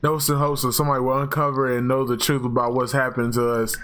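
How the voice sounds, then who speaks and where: A young man with a hoarse, worn-out voice playing a horror game, loud and excitable, swearing and screaming at jump scares. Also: mid-range voice, fast, slight background noise. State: hoarse, losing his voice. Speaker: gaming YouTuber. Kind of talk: horror game let's play commentary.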